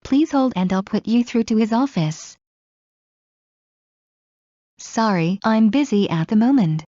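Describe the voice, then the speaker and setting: A woman reading everyday English phrases aloud one by one, in a measured drill with a pause after each phrase. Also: fairly high pitch, animated, mellow, dry recording. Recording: dull lo-fi dry recording.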